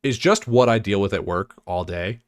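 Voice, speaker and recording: A man's voice: fairly low pitch, moderate pace, no echo, studio quality. A man co-hosting a casual rewatch podcast, rambling and swearing as he recaps with sarcastic asides. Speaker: podcast co-host.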